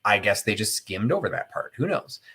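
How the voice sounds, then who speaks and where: A man's voice: fairly low pitch, very animated, moderate pace, sharp tone, slightly rough. A middle-aged man hosting a casual live chat, telling a rambling, opinionated story full of fillers and tangents. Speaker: host of a live chat stream.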